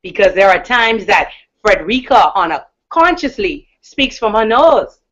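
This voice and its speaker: A woman from the Bahamas with a deep, powerful voice gives an emphatic, encouraging motivational talk as a mindset coach. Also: sing-song, fairly bright tone. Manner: emphatic, encouraging, with slow stressed words. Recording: dull lo-fi recording.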